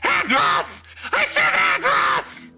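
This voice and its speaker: Shrieking terrified little demon. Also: male voice, extremely high pitch, wildly swooping pitch, takes it slowly, vocal fry, pushed and bright, shouting, voice pushed up, heavily acted, low-quality recording. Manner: shrieking, pleading in panic. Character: small terrified insect-like demon creature.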